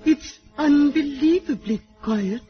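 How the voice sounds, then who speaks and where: Stagey melodrama heroine, high voice, lively, muffled audio. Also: female voice, slow pace, faint music behind. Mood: melodramatic. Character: amateur actress playing a melodramatic heroine. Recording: dull lo-fi broadcast audio.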